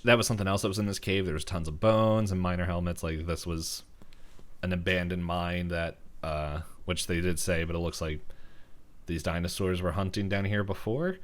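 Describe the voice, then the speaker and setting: Brief: podcast host, low male voice, loose rambling recap. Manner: rambling with many fillers and laughs. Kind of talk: casual episode recap.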